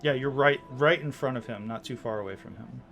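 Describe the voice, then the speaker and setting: A man's voice: mid-range voice, a little fast, vocal fry, fairly bright tone, faint music behind. A man running a tabletop game as dungeon master, narrating scenes in a loose, descriptive way with many likes and ums.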